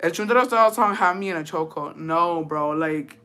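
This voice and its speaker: A sharp-toned, lowish female voice belongs to a Texas streamer sharing a story with her live chat. She swears openly, drops into Spanish, and laughs in quick bursts.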